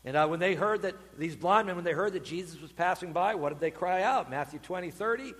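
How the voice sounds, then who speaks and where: A man preaching a sermon, voicing the crowd's cries loudly as he explains the passage. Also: high-pitched, a little fast, few pauses, long reverb tail. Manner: animated preaching, calls out quoted cries loudly. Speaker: pastor.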